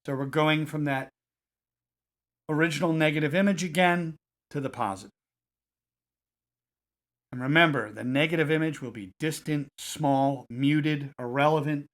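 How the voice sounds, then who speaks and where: A man guiding listeners through a self-help technique in a calm, repetitive coaching cadence. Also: a little high, moderate pace, long pauses. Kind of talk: guided self-help instruction.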